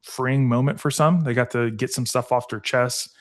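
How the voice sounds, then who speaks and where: A man's voice: medium pitch, steady tone, moderate pace. Earnest man talking heartfelt. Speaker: guest, veterans foundation founder. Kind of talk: casual podcast conversation.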